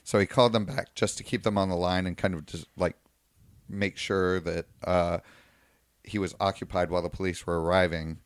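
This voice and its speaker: A man with a low, smooth, resonant voice tells a long story on a casual podcast. He paraphrases what the people involved said as he goes. The sound is dry and close, with no room echo. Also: fairly even intonation, moderate pace. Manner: recounts a news story at length, paraphrasing quotes. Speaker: podcast co-host.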